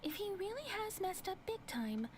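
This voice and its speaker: A woman voicing a gentle, soft-spoken young townswoman with a soft, slightly squeaky, near-whispered voice who tells stories patiently. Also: big pitch swings, moderate pace, slight background noise.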